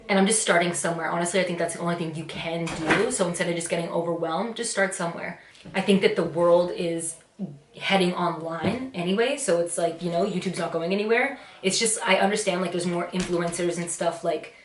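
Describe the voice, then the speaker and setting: Twenty-something girl rambling through a grwm vlog, lowish voice, room kinda echoey. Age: 20s. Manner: rambling, filler-heavy and reflective. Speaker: YouTuber. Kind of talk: casual get-ready-with-me chat. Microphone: camera mic.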